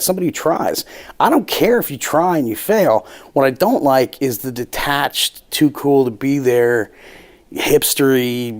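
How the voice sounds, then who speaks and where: A man's voice: mid-range voice, a little mellow. A man in his thirties, a comedy panelist telling a rambling, self-mocking story with swearing. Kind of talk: casual storytelling.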